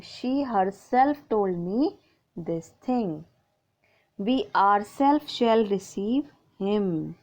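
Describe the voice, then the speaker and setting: The recording is muffled, and the woman's mid-range voice is a little mellow. With an Indian English accent, this teacher patiently works through a school book's grammar exercises, reading sentences and repeating answers.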